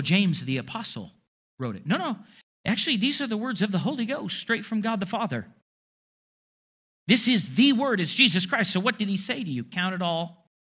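A pastor preaching a sermon in a conversational way, with sarcastic asides and rhetorical questions. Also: male voice, high-pitched, slightly rough, dull audio.

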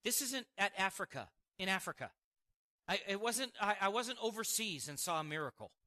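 A man preaching a sermon and telling a personal testimony, animated, with quick asides and frequent laughs. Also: sits high. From Montana, United States.

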